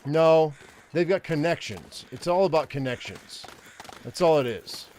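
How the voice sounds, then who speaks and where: An older man talks over his game in a loose, rambling way, cursing often and restarting his sentences. His voice sits a little higher than most men's, with a faint wash of noise behind it. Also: expressive, measured pace, a little mellow. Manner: profane, ranting, rambling with many restarts. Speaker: gaming streamer. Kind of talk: casual gameplay commentary.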